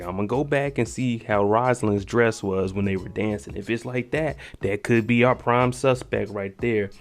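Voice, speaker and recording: A man with a low voice talks through a TV episode in a loose, slangy way. He stays animated and laughs easily, and faint music sits underneath. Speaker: channel host recapping a TV episode. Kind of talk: casual recap commentary.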